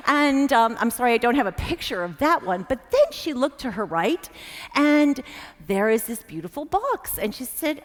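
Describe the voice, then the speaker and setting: An American woman with a fairly high voice tells animated anecdotes from a stage, full of fillers. Her words ring out with a long reverb in a large hall. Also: moderate pace. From United States. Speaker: former diplomat, speaker. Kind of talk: anecdotal storytelling talk.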